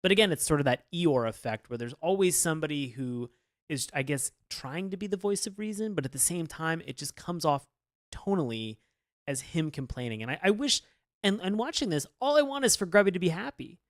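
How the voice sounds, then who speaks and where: A man hosting a casual podcast, talking animatedly and bursting into loud put-on voices when quoting characters. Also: on the high side, expressive, fairly quick, dry recording, clean studio sound. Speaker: podcast host.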